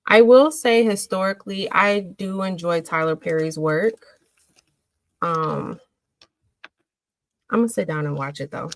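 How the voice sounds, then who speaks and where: A woman hosting a casual livestream, chatting with viewers and answering their comments in an emotional, animated way. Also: lowish voice, a little slow, pauses often, no echo, rough recording. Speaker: livestream host.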